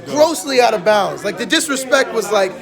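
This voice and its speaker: A man telling stories and joking in casual barbershop banter, animated and laughing. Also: very high voice, normal speed, gravelly, crowd noise. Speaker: regular in a barbershop chat. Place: busy barbershop.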